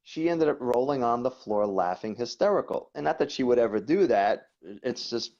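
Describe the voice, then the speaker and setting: A man, a guest coach, talking casually and telling stories in an animated way, often repeating words. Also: medium pitch, moderate pace. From New York. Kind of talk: conversational storytelling. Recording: dull lo-fi audio.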